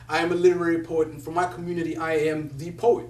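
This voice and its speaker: Heard from afar in an echoey room with a faint hum, this young poet laureate from Somalia speaks fast with a fairly high, slightly mellow voice and a flat delivery. He recounts stories animatedly, laughing while quoting others.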